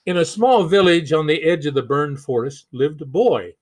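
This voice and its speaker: A man, a pastor, reading a picture book aloud slowly and gently, with chatty asides to the children. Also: a little high.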